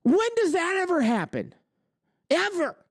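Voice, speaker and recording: Hosting a trucking business livestream, this man rants and argues, peppering listeners with rhetorical questions. His voice is extremely high with huge pitch swings and a measured pace, captured in clean studio sound with no echo.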